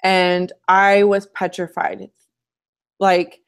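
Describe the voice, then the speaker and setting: A woman's voice: mid-range voice, normal speed. Woman fitness coach, casual live-stream host at home; chatty, candid, personal delivery.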